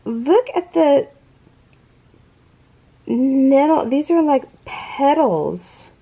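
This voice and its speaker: A woman's voice: high voice, big pitch swings, drawn-out words, mellow. A woman hosting a crochet unboxing vlog, gushing and awed, gasping and close to tears. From California. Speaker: crochet channel host.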